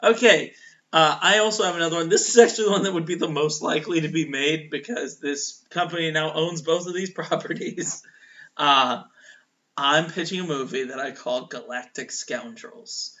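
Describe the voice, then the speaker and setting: A young man joins in with quick, teasing comments during a casual chat. His voice is bright and a bit high. The sound is dull and lo-fi. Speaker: podcast co-host.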